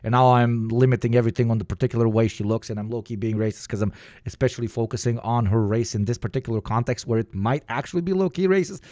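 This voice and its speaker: A man rambles through joking, profane reaction commentary and keeps cutting himself off. His voice is mid-pitched for a man. The recording is dry and close. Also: fast, mellow, no room sound. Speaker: streamer.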